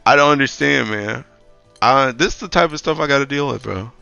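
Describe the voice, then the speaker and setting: A man's voice: medium pitch, fairly quick, creaky, pushed and bright, clear, resonant tone, no room sound, muffled recording, soft background music. A young man streaming, ranting about tech support in a loose, slangy, exasperated way. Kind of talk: casual chat.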